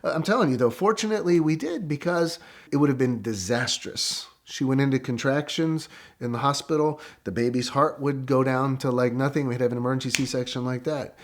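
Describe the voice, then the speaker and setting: A middle-aged man telling a story in a casual, animated way, with quick excited bursts. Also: medium pitch. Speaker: guest storyteller.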